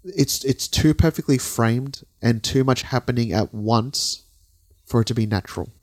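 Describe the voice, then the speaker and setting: A man's voice: medium pitch, moderate pace, darkish tone. A man co-hosting a casual podcast, rambling as he describes a video and swearing freely. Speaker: podcast co-host.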